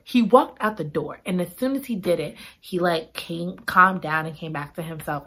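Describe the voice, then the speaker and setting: A woman's voice: fairly low pitch, bright, forceful tone, breathy edge. A woman reviewing a romance novel in a casual, dramatic and gushing way. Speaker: book reviewer. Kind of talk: casual chat.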